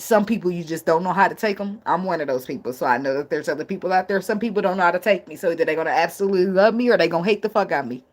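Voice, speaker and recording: A woman in reads tarot live from her home. She talks bluntly and swears freely, and her delivery stays casual and direct. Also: low voice. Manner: blunt, profane, laughs often. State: tearful at times. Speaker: tarot reader.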